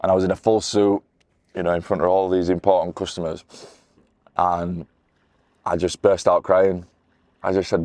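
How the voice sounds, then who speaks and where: Earnest young man, very low flat voice. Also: normal speed, pauses often, no room sound. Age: 20s. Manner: earnest, candid, with many restarts and "you know". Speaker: motivational speaker. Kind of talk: personal testimony to camera.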